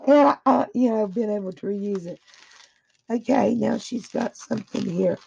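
A woman's voice: medium pitch, normal speed, gravelly, a little mellow, husky. A woman crafter in a casual unboxing chat, gushing with effusive praise while her throat is a little dry. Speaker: craft vlogger opening happy mail. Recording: dull lo-fi audio.

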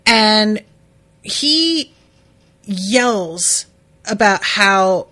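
Slow-talking, emotional woman podcaster. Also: medium pitch, lively intonation, sharp tone. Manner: emotional, chatty, swears casually. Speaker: podcast host. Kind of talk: casual episode recap.

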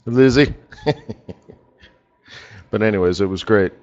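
A man's voice: lowish voice, slow pace, a little mellow, muffled recording. A man hosting a live currency trading session, telling rambling anecdotes in casual chat and laughing at his own jokes. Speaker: forex market strategist hosting a live session. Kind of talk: casual live-stream commentary.

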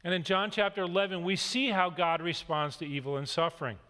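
A man's voice: sits high, fairly even intonation, fairly quick, pushed and bright. A man in his forties preaching a sermon, reading scripture and telling stories in an earnest, conversational way. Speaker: pastor. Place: large church hall. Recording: long hall reverb.

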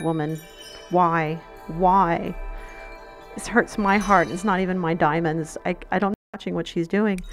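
A woman hosting a gaming channel, chatting straight to her viewers in casual game commentary. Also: lowish voice.

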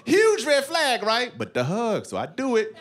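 With a very high voice whose pitch swoops wildly, this thirty-something comedian takes his time over a story on a club stage, throwing in voiced asides in a fairly bright tone. A stage mic captures him along with the audience noise.

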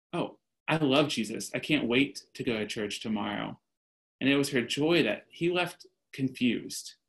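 A man's voice: mid-range voice, fairly bright tone, poor audio. Earnest guy on a panel, acting out quotes in a story, video call audio. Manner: earnest, telling stories with quoted voices. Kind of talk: panel discussion.

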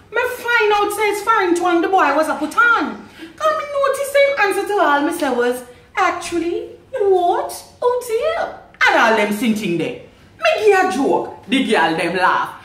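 A woman with a Jamaican accent giving a lively, performative recitation of a dialect poem, laughing between lines. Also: high-pitched, echoey room. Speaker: guest, designer. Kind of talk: dramatic dialect poetry recitation.

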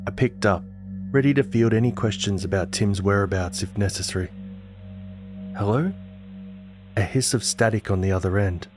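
Low-voiced man narrating a horror story. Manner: measured storytelling. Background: music.

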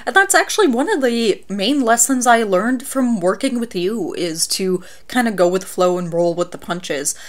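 A woman's voice: medium pitch, lively intonation, moderate pace, hardly any pauses. Friendly, affirming woman interviewer. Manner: friendly and affirming, with frequent "mm-hmm"s. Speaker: interview host. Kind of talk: casual interview talk.

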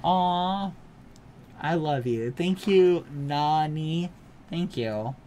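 A young man streams a game and chats at an unhurried pace, playful and doting. He breaks into little sing-song tunes and coos at his pets in baby talk. A faint hiss sits under his desk mic. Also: a little high, animated, warm tone. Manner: playful and doting, hums and sings little made-up songs. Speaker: livestreamer. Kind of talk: casual live-stream chat while gaming.

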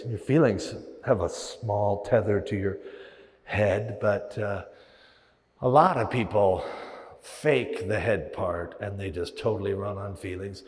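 A pastor delivering a sermon with a low voice that swings widely up and down as he tells stories. He acts out little inner voices between his points, and his words ring with the long echo of a large hall. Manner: animated storytelling with acted-out inner voices.

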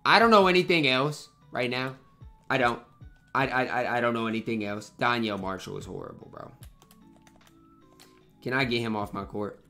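A young man calls his own basketball game live in a bright, forceful voice, venting and trash-talking. Faint music plays underneath. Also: medium pitch, normal speed, long pauses. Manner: frustrated, trash-talking, slangy. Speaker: gaming YouTuber. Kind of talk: live gameplay commentary.

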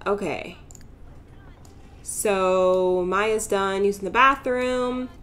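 A woman's voice: medium pitch, fairly bright tone. A young woman casually commentating a life-simulation game as host, chatty and giggly, narrating her characters' drama. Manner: chatty, giggly, voices characters in quick asides. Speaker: let's play host.

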